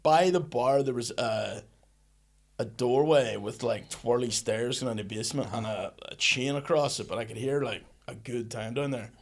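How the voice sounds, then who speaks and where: A man's voice: mid-range voice, normal speed, gravelly. Chatty young man swapping stories. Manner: chatty storyteller with slangy banter. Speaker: podcast co-host. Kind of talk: casual podcast chat.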